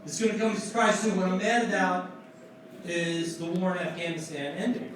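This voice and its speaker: A man's voice: high voice, level tone, a little fast, fairly bright tone, distant mic. A man in his forties from New Jersey doing a profane, self-mocking stand-up set. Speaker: stand-up comedian. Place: comedy club stage. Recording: echoey club room, mic heard from afar with crowd noise.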